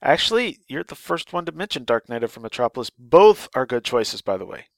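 Gravelly-voiced man hosting a podcast. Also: mid-range voice, big pitch swings, a little fast, no echo. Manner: rambling, chatty, with fillers and restarts. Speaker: podcast host. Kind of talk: casual podcast chat reading listener mail.

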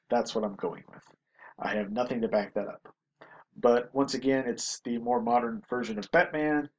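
A man's voice: mid-range voice, poor audio. A man hosting a podcast, giving casual, rambling commentary with self-deprecating asides. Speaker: podcast host reviewing comics.

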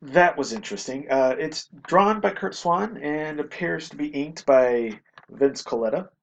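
A man's voice: fairly high pitch, animated, unhurried, creaky, low-quality recording. A man hosting a podcast, giving casual, rambling commentary with self-deprecating asides. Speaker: podcast host reviewing comics.

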